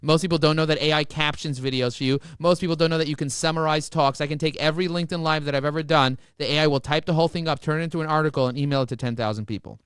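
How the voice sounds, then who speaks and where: A man's voice: fairly high pitch, racing, few pauses, clear, resonant tone, no echo, clean studio sound. A man telling stories with great enthusiasm as a guest in a podcast interview. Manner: enthusiastic, excitable storyteller. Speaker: business guest.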